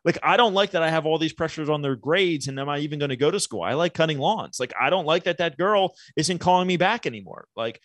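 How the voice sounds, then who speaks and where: A man's voice: a little high, expressive, fast talker, few pauses, a bit bright, no room sound. A man guesting on a podcast, explaining ideas thoughtfully with everyday analogies. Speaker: podcast guest, business owner. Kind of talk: reflective conversational interview.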